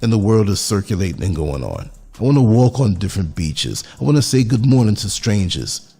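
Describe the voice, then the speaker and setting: A man's voice: fairly low pitch, sing-song, brisk, creaky, dark tone, husky, soft background music. A man from the United States giving a reflective podcast monologue, earnest and musing, putting questions to the listener.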